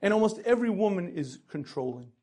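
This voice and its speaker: A man giving a storytelling lecture on marriage, animated, acting out characters and often clearing his throat. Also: high voice, fast.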